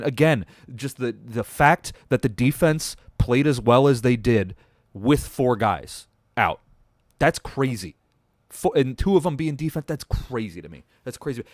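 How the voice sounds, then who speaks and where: A man hosting a casual sports reaction show, rambling and swearing with lots of fillers and restarts, dropping into mumbled asides and then breaking into excited outbursts. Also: on the low side, no echo, clean studio sound. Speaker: podcast host.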